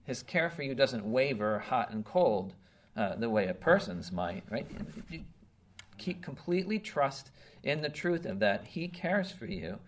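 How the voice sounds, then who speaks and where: A man's voice: mid-range voice, very animated, measured pace. A man preaching a conversational sermon, earnest and emphatic, often checking in with "okay?" and "right?". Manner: earnest, emphatic, with some restarts.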